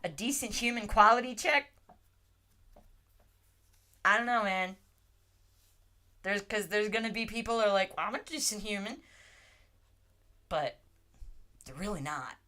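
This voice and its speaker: A woman hosting a casual livestream, answering chat in a slow, halting way with frequent restarts. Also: medium pitch, bright, forceful tone. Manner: slow, halting, restarts often, talks to her dog between comments. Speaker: livestream host reading chat.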